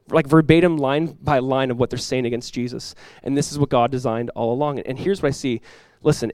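Fast-talking, emphatic male pastor preaching. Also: medium pitch, a little mellow, dry recording. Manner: emphatic preaching, voice climbs and swells when quoting scripture; conversational asides with quick restarts. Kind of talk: sermon.

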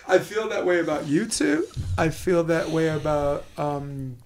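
Fast-talking gravelly New York man. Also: fairly high pitch, a little hiss or hum. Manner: fast-talking, animated, swears casually. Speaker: podcast host. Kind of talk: casual interview chat.

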